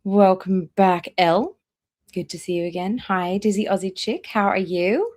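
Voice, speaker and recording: A woman hosting a live reaction stream, chatting casually and reading out viewer names one by one with drawn-out welcomes. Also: medium pitch. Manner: drawn-out welcomes, trailing off quieter.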